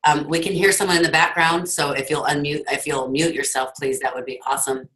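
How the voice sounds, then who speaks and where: A team leader speaks to her team on a video call, her low, steady voice brisk and a bit bright. She tells her story in an earnest, forceful motivational speech, though the audio quality is poor.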